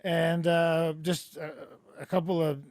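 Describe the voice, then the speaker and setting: A man hosting a comedy podcast over a video call, telling rambling stories with deadpan absurd jokes. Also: a little high, a little slow, no room sound, studio quality. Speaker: podcast host. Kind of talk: casual comedic chat. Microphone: remote video call.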